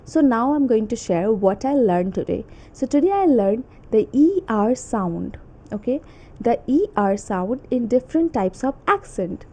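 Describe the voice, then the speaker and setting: Young woman, mellow tone, casual english lesson host, chatty, slightly nervous, keeps saying okay. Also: a little high, animated, unhurried. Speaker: English learning channel host. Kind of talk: casual self-made pronunciation lesson.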